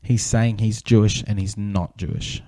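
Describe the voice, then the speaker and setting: A man's voice: on the low side, fairly even intonation, normal speed, dark tone, dry recording, clean studio sound. A man co-hosting a podcast, wry and teasing, swearing in casual chat. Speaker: podcast co-host.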